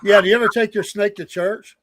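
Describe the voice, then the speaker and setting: A man's voice: high-pitched, fairly even intonation, fast, a bit bright, no echo. A man, co-hosting a studio talk show with emphatic jokes. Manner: joking, emphatic. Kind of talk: casual talk show banter.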